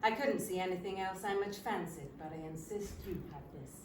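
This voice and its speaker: A woman voicing a polite older Canadian gentleman with a Canadian accent, speaking gently and courteously on a theatre stage. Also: lowish voice, fairly quick, background noise, pitched below the performer's own voice, lightly acted. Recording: roomy theatre, from a distant mic.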